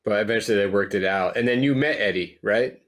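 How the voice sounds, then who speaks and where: A man's voice: on the low side, fast talker, fairly bright tone, slight background noise. A man hosting a casual interview, upbeat, mostly giving short reactions and wrapping things up. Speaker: podcast host.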